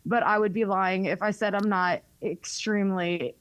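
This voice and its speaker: A woman's voice: mid-range voice, steady tone, normal speed, dry recording, highs cut off. A woman radio host with a Southern accent, chatting candidly in an interview and laughing often. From North Carolina, US. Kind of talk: casual interview chat.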